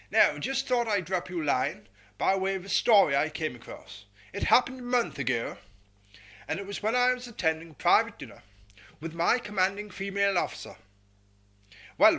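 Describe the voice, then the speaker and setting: A man's voice: sits high, pushed and bright, full character voice. A man voicing a pompous, hearty elderly English officer with a posh southern English accent and old-fashioned slang.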